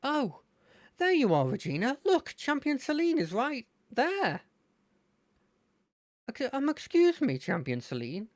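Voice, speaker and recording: A streamer voicing an excitable, eager young male rival in a video game, gushing and breathless. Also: sits high, takes it slowly, pauses often, no room sound, studio quality, pitched above the performer's own voice, heavily acted. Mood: starstruck.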